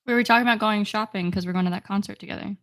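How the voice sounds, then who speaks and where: A young woman with a mid-pitched voice, chatting on a podcast over a call. She hedges and explains herself with lots of filler words, sounding a little defensive. Her speech is plain and conversational. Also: steady tone, rapid-fire, fairly bright tone. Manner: hesitant, defensive, with filler likes. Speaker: podcast co-host. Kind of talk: casual chat. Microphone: remote call recording software.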